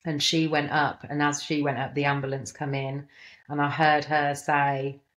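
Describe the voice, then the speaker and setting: A woman's voice: sits low, little pitch movement, normal speed, fairly bright tone. A middle-aged woman telling a personal story in a rambling, emotional way, with many fillers and restarts. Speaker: guest.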